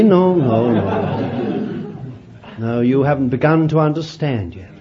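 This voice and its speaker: A man preaching a sermon, animated and laughing often as he calls his listeners beloved. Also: mid-range voice, unhurried, muffled recording.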